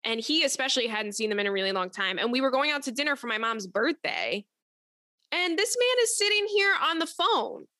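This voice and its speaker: A young woman hosting an advice show, talking in a blunt, profane, animated way as she tells stories and reads listener letters. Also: high voice, brisk, dry recording, studio quality. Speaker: advice podcast host. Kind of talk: casual advice chat.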